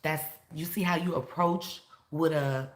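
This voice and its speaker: A woman in her thirties talking casually to camera, animated, laughing and swinging between loud and soft. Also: deep voice, unhurried. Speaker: vlogger.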